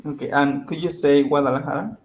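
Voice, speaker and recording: A man's voice: on the high side, fairly even intonation, a little fast, slight background noise. A man practicing English on a video call, hesitant, searching for words and asking for corrections. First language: Spanish. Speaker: English student. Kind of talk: conversation practice lesson.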